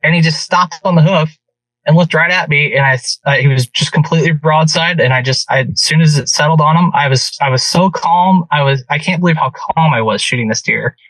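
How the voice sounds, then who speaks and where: A man, a guest on a podcast, telling a hunting story in casual and animated speech. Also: fairly high pitch, fairly quick, no room sound. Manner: animated, vivid retelling. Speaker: guest hunter. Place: podcast studio. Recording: distant from mic, dry.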